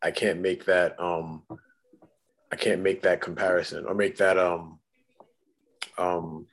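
A man co-hosting a podcast, speaking in a hesitant, halting way with many fillers in casual chat. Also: sits low, little pitch movement. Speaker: podcast co-host.

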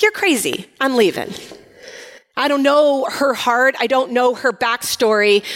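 Woman giving a casual bible talk, high voice, sassy and chatty, long reverb behind her. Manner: chatty and animated, acting out quotes with sass. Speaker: Bible teacher.

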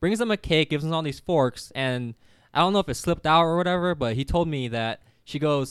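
A man's voice: fairly high pitch, fairly quick, smooth, no echo, studio quality. A young adult man on a casual chat, telling stories animatedly, swearing and acting out quotes. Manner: animated, profane, acts out quotes. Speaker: podcast guest. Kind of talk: casual storytelling.

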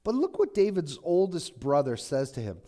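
A male pastor delivering a sermon as conversational storytelling. His voice sits a bit high and rises and falls with great animation. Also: huge pitch swings, moderate pace, mellow.

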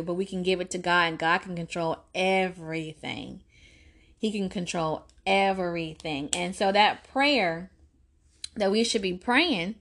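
A woman's voice: medium pitch, fairly bright tone. A woman in her thirties with a lilt speaks as a podcast host on faith and parenting. She talks earnestly, like a preacher, circling back to repeat key phrases for emphasis. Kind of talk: faith-based parenting talk.

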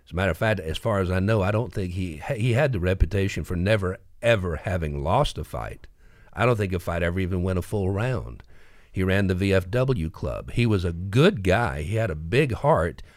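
A male podcast host, telling a story and reading a local news roundup in a folksy, animated way, laughing often. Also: deep voice, normal speed, no echo, studio quality.

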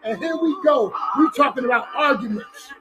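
Emphatic high-voiced man hosting sports talk. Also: moderate pace, music in the background, low-quality recording. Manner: emphatic, preachy, repetitive street-talk delivery. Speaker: podcast host. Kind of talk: energetic solo sports talk.

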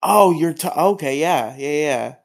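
A man's voice: on the high side, lively intonation, a little slow, creaky. A man co-hosting a podcast, cutting in with wry, jokey questions in a casual chat. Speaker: podcast co-host.

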